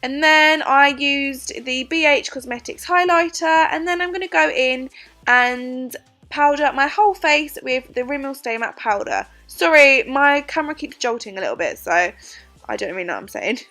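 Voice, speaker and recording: A woman's voice: sits high, expressive, normal speed, sharp tone, faint music behind. A young woman talking through a makeup tutorial in a chatty, giggly, self-mocking way. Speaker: beauty vlogger. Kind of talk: casual makeup tutorial voice-over.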